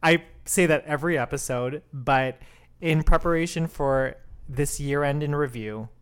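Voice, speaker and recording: Male podcast co-host, smooth clear voice, camp and playful, casual chat. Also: on the high side, moderate pace.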